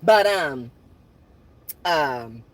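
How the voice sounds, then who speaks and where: A woman's voice: low-pitched, lively intonation, very slow, no echo. A woman hosting her own channel, chatting casually and animatedly to viewers, laughing often. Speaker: channel host.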